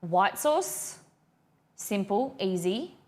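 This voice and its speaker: A woman's voice: medium pitch, sing-song, very slow, darkish tone. A young woman hosting a cooking livestream, chatting casually and rambling as she reads her viewers' messages aloud.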